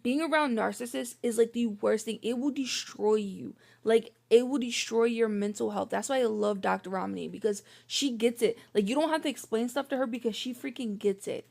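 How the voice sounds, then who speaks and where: A woman's voice: a little high, brisk, vocal fry, hardly any pauses, darkish tone. A young woman telling a personal story in a vlog, venting her frustration and filling her talk with "like". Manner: frustrated, venting, heavy use of "like". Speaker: vlogger.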